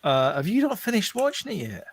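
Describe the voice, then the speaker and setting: Chatty podcast host. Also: male voice, high voice, a little fast, vocal fry, husky. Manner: chatty, animated retelling with quoted voices. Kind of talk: casual chat.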